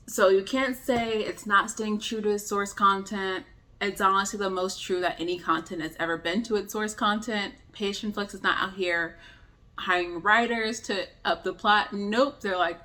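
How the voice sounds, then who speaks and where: A woman's voice: mid-range voice, a little slow, pushed and bright. A young woman giving a casual review, retelling scenes in a chatty way with lots of "like" fillers. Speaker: book and film reviewer.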